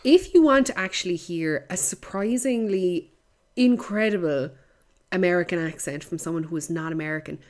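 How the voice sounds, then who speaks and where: A woman hosting a podcast in casual movie chat, lively and sweary, often laughing. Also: on the low side, moderate pace. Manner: lively, sweary, laughs at her own jokes. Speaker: podcast host.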